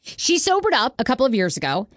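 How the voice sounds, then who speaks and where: A woman co-hosting a casual talk show, chatty and animated, reading out stories from the news. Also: on the high side, fast, no echo, studio quality. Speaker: co-host. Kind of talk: casual radio show banter.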